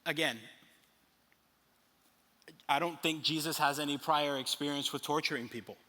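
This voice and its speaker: A young man preaching a sermon, animated, acting out little scenes as he tells the story. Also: fairly high pitch, moderate pace. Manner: animated storytelling with acted asides. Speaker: pastor. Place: large church hall. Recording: long reverb of a big hall.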